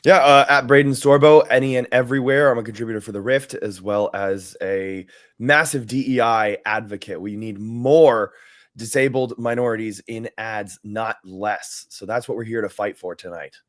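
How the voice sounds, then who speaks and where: A man, a contributor guest on a casual panel show, speaking in a deadpan, sarcastic way. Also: fairly low pitch, moderate pace.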